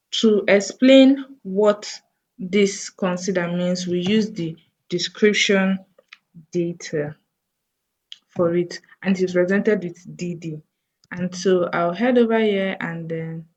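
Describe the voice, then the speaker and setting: Slow-paced woman explaining code. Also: on the low side, a little mellow, muffled recording. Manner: slow, thinking aloud while typing. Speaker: coding tutor. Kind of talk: screen-recorded coding tutorial.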